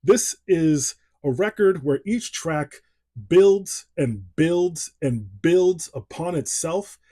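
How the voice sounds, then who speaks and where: Man, casual album review, playful and jokey, husky voice, slightly high pitch. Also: warm tone. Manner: playful, jokey, self-mocking. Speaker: music reviewer.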